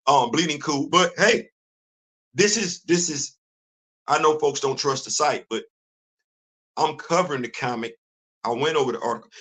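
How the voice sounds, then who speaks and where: A man hosts a comics show, chatting animatedly with his viewers, repeating himself and turning loud when he gets worked up. His voice is a little high, and the recording is rough.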